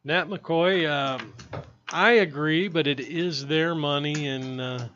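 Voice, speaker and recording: A man's voice: a little high, takes it slowly, a bit bright, dull audio, slight background noise. A man co-commentating a live poker stream in a conversational way, explaining hands and rules.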